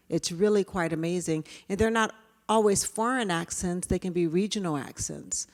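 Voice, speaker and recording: A woman presenting a workshop, talking to her audience in a lively way and asking them questions. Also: fairly low pitch. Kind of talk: interactive talk. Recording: hall reverb.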